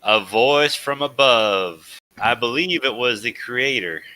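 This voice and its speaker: A man's voice: medium pitch, expressive, slow, pushed and bright, low-quality recording. A man role-playing a pious character turned into a crab, speaking formally and sermonizing. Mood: solemn. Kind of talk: in-character tabletop role-play.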